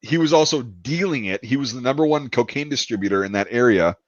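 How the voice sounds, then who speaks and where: A man's voice: mid-range voice, expressive, fast talker, no room sound. A man casually telling a long, profane anecdote on a podcast. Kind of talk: casual storytelling. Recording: dull, dry lo-fi sound.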